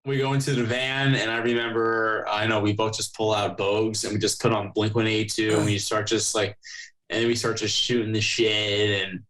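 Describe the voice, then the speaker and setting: A man's voice: fairly low pitch, flat delivery, moderate pace, a bit bright, poor audio. A young man hosting a podcast, chatting casually and telling rambling stories, swearing freely. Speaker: podcast host. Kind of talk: casual chat.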